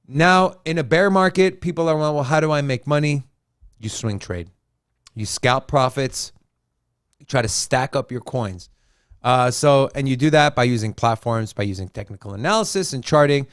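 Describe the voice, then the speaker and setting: A man's voice: mid-range voice, clear, resonant tone, no room sound, studio quality. A man hosting a casual crypto show, walking through charts and joking with his co-host in a loose, repetitive way. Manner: loose and joking, repeats himself.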